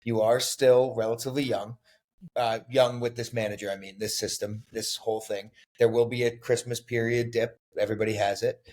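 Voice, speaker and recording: A man co-hosting a sports podcast, calmly laying out stats and teasing his co-host in casual debate. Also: medium pitch. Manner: measured, stat-citing, teasing.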